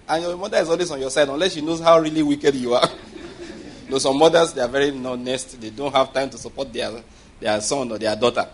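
Husky-voiced male preacher. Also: medium pitch, quick pace. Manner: animated preaching with call-and-response checks and acted-out voices. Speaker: pastor. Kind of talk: sermon.

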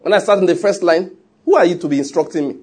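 A man's voice: high-pitched, quick pace, darkish tone, husky. A man preaching a sermon in an emphatic, conversational way, with joking asides. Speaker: pastor.

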